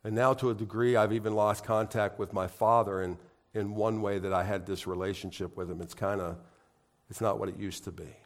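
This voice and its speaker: A man's voice: fairly low pitch, fairly even intonation, fairly quick. A middle-aged man preaching a sermon in church, conversational and heartfelt, building to emphatic, rising appeals. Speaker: pastor.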